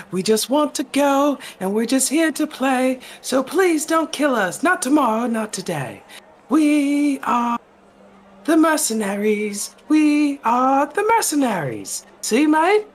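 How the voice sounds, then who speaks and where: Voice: high voice, sing-song, a little slow, hardly any pauses, a little hiss or hum. A player voicing a cheerful, laid-back male bard mercenary who calls everyone mate. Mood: sing-song. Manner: calls everyone mate, sings his pleas. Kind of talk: tabletop role-play in character.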